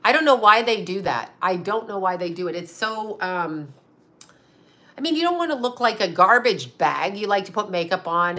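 Blunt, bright-voiced woman with a sarcastic edge. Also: medium pitch. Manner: blunt, sarcastic, swears freely. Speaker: psychic medium and astrologer host. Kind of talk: casual livestream chat.

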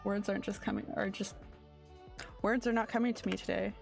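A woman's voice: mid-range voice, steady tone, brisk, creaky, faint music behind. A woman streamer giving casual gameplay commentary in a sleepy, rambling way, often searching for her words. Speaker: game streamer.

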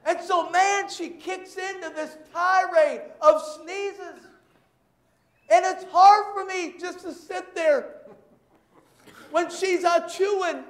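A male pastor preaching with a very high-pitched voice, caught in a roomy, echoing church. He tells homey stories and breaks into shouted bursts. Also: takes it slowly. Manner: animated storytelling with shouted bursts. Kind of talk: sermon.

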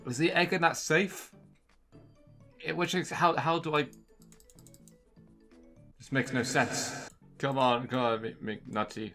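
A young man narrating a handheld game as he plays, excitable and jokey. He keeps talking straight to the little characters on screen. His voice is bright and forward, with soft game music faintly behind him. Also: medium pitch, takes it slowly, pauses often. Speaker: gaming channel host. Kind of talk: let's-play commentary.

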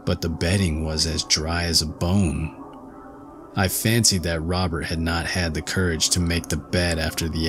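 A man narrating a ghost story in measured, unhurried first person. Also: low-pitched, fairly bright tone. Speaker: audiobook narrator.

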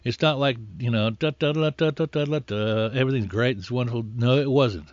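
A man's voice: medium pitch, a little fast, no room sound. Man, sermon, earnest and conversational, lo-fi sound, dry and close. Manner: earnest, conversational, rises loud on exhortations. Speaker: preacher. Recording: dull lo-fi dry recording.

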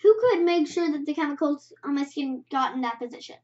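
A young female vlogger reads her own story aloud in a chatty, animated way and fixes her slips as she goes. Her voice sits very high. The recording is dull and muffled. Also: brisk. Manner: chatty, animated reading with self-corrections. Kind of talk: casual story reading.

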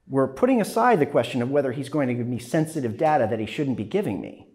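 A man lectures a class, his pitch moving a lot as he talks. He keeps adding "right?" after his points and now and then acts out a phone call. His voice sits in the middle of the range. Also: fast, few pauses. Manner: animated, frequent "right?" tags, acts out phone calls. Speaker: journalism instructor.

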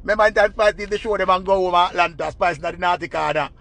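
A young man telling a gossip story in a lively, excitable, dramatic way. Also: sits high, fast, vocal fry, no room sound. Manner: animated, excitable, dramatic retelling with shouts. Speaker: vlogger. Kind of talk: casual storytelling.

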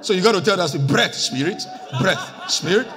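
A Nigerian man preaching a sermon, emphatic and animated, dropping into Pidgin asides. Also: high voice, moderate pace. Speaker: pastor. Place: church hall. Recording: echoey hall with faint music.

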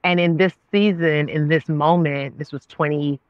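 A woman in her thirties telling her story as a guest, voicing her own past dialogue with God. Her pitch leaps up and down as she acts it out. The sound is dry and slightly dull. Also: steady tone, moderate pace, no room sound. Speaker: guest, actress and author. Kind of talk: animated storytelling.

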